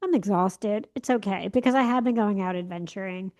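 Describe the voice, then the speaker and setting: A woman's voice: mid-range voice, a little fast, a little mellow. A young woman co-hosting a podcast, telling a story in casual chat and acting out the lines she quotes. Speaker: podcast co-host.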